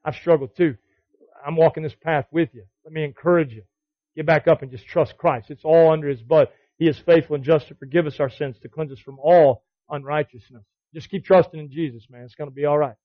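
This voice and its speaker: A man's voice: a little high, no room sound. Exhorting preacher man, muffled recording. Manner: exhorting with repeated commands and rhetorical questions. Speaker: Bible study teacher. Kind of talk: sermon.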